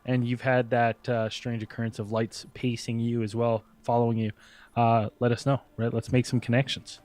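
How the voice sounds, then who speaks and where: A man's voice: medium pitch, flat delivery, moderate pace, darkish tone. A man co-hosting a radio talk show in the studio, asking rambling, easygoing questions.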